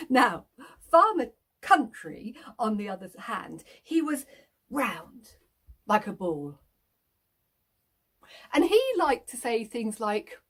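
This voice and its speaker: A woman's voice: a little high, expressive, unhurried, breathy edge. A woman telling a children's story in a playful way, inviting listeners to act along.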